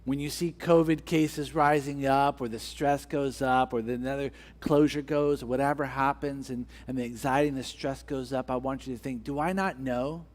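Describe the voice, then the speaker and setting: A man's voice: mid-range voice, flat delivery, normal speed, few pauses. A man preaching a sermon as pastor, driving his point home with repeated rhetorical questions and building emphasis.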